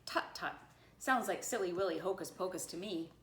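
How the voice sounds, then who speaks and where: A woman's voice: lowish voice, normal speed, close to an everyday voice. A woman voicing a jolly male school principal in a storybook, cheery and folksy. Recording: roomy echo.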